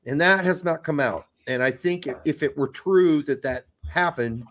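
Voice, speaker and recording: A man's voice: on the high side, normal speed, a bit bright. A man co-hosting a soccer podcast in casual chat, blunt and profane. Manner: blunt, profane, jumps into mock voices. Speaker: podcast co-host.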